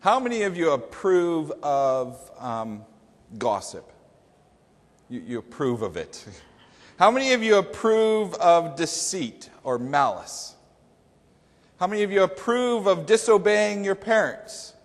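A man in a church sanctuary preaching a sermon, talking in a conversational yet emphatic way and putting questions to the congregation. His voice sits somewhat high for a man, and it trails into a long reverb from the hall around him. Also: sing-song, slow. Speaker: pastor.

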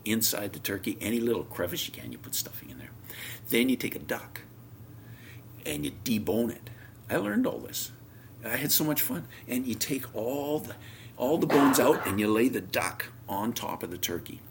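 A man preaching a sermon, telling a homely story, his voice swinging from loud emphasis down to near whispers. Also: mid-range voice, sing-song, normal speed, vocal fry, slight background noise.

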